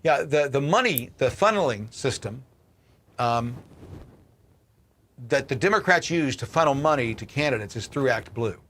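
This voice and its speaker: A man's voice: medium pitch, big pitch swings, a little fast, fairly bright tone. Fired-up profane man ranting on a livestream. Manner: angry, profane, repeats and restarts. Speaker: political livestream host. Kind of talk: ranting commentary.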